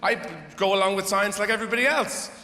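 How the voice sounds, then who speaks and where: A middle-aged man's stand-up set on a live theater stage is rambling, sardonic, profane, and punctuated by outbursts. He speaks fast in a high, bright, forceful voice with fairly even intonation. Slight background noise, an echoey hall, and a faint audience are audible.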